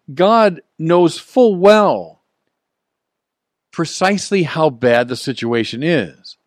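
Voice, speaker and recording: A man preaching a sermon, earnest and emphatic, with the odd soft chuckle. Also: a little high, dry recording, clean studio sound.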